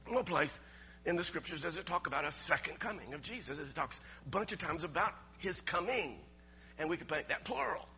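A man preaching a sermon, emphatic and rising to near shouts, with laughs between his points and words he repeats. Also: on the high side, lively intonation, fairly quick. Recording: dull lo-fi recording with mains hum.

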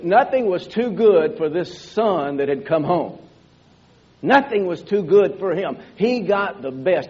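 Male preacher, high husky voice, emphatic sermon, dull lo-fi recording. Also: a little mellow. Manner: emphatic, rhetorical questions, repetitive.

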